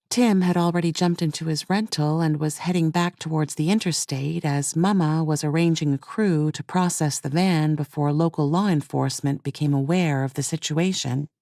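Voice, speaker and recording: A woman narrating a thriller audiobook in a measured, even storytelling manner. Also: low-pitched, no echo, studio quality. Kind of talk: scripted narration.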